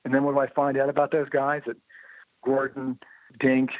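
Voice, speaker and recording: A man being interviewed about his motorcycle writing, telling lively anecdotes in a casual way and acting out the dialogue he quotes. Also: medium pitch, normal speed, dry recording. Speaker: interview guest, motorcycle writer and blogger. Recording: tinny phone-like line, dry.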